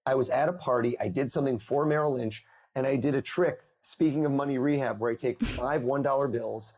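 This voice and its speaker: Podcast guest, male, energetic storyteller, mid pitch, plays out the quotes. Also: brisk. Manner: animated storyteller, acts out quoted voices. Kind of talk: conversational storytelling. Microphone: remote call.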